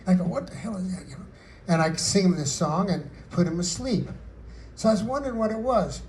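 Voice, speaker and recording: A man's voice: high voice, expressive, a little fast, a little mellow, a little hiss or hum, rough recording. An older man, a singer-songwriter, telling rambling, folksy stories about his songs at a book store event. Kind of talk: storytelling with live songs.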